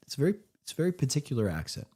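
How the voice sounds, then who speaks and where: A man's voice: mid-range voice, very animated, racing, warm tone, breathy edge. A man critiquing a recorded game session on a live stream, rambling with frequent restarts. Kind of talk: live reaction commentary.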